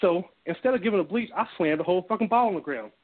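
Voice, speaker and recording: This co-host's high voice races along in an animated, heated, blunt manner, loaded with heavy swearing. It's a casual, profane podcast chat heard through a tinny phone line.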